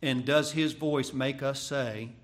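A man preaching a sermon, swinging from hushed, drawn-out phrases to loud, pressing repetition. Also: medium pitch, fairly even intonation. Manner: dramatic, swings from hushed to shouting, repeats phrases.

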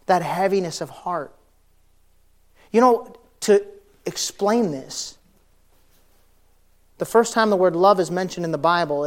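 Fiery conversational male pastor. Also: on the high side. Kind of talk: sermon.

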